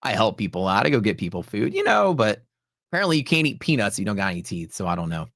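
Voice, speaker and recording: Chatty man with a low, dry voice. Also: very animated, fast, a bit bright, no echo. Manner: rambling and chatty, with lots of "like" and "dude". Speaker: livestream host and futures trader. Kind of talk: casual storytelling during a live trading stream.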